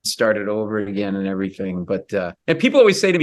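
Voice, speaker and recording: A middle-aged man, a comedian guest on a radio interview, telling animated stories and acting out the voices of the people in them. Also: lowish voice. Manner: animated, acts out quoted voices, quick asides.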